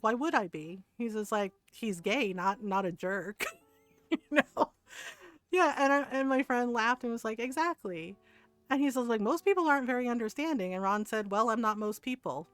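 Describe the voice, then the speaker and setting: A woman's voice: medium pitch, clear, resonant tone, no echo. Chatty woman streamer telling stories. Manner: chatty storytelling, quotes people, laughs often. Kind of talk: casual chat while gaming.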